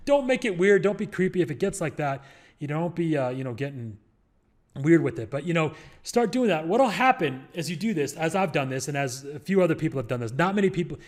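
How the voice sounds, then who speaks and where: A young man rattles off advice at a quick clip, in a voice pitched a little above most men's. He rambles and jokes, full of fillers and restarts. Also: sing-song. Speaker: real estate investor and show host. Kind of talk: casual advice monologue.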